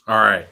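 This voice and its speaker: A man in his thirties, a financial advisor, hosting a casual webinar in a folksy, upbeat way, telling stories and acting out the voices in them. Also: bright, forceful tone. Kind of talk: casual webinar presentation with storytelling.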